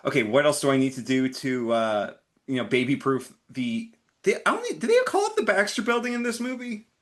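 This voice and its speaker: A man's voice: mid-range voice, very animated, brisk. A man co-hosting a podcast, talking casually and thoughtfully about a superhero movie with frequent hesitations. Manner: thoughtful, hesitant, many fillers. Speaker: podcast co-host. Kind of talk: casual movie review chat.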